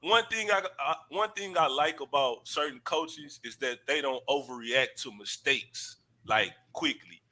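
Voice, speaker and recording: A man's voice: medium pitch, measured pace, few pauses, low-quality recording. A man co-hosting a casual sports chat, telling stories and acting out quotes. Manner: animated storyteller, acts out quotes, laughs often. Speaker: podcast co-host.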